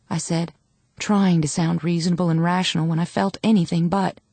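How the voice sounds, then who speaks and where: A woman reads an audiobook with a measured, dramatic first-person delivery. Her voice sits on the low side and the recording is close and dry, with no room sound. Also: fairly even intonation, dark tone, dry recording. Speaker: audiobook narrator. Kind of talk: scripted audiobook narration.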